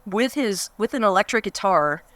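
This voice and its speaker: A woman's voice: medium pitch, animated, moderate pace, fairly bright tone. A woman in her fifties giving a fond, rambling reminiscence at a memorial gathering. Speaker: memorial speaker. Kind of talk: reminiscing speech.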